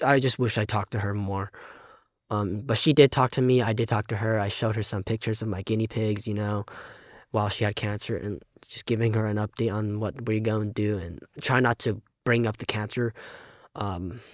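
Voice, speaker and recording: A teenage boy talking haltingly in a casual vlog, close to tears, with many fillers and restarts, on a dull, muffled microphone. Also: lowish voice, dry recording. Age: teens. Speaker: vlogger.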